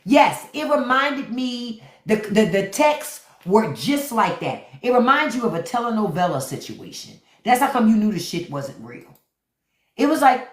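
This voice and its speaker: Woman host, unfiltered livestream rant, animated pitch, swears freely, echoey room sound. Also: a little slow. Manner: blunt, profane, talks straight to viewers; repeats key words for emphasis.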